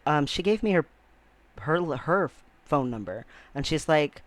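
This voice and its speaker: A man vlogging about his own life in a heartfelt, halting way, with lots of restarts and fillers. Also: a little high, expressive. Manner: earnest and heartfelt. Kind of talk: casual personal vlog storytelling.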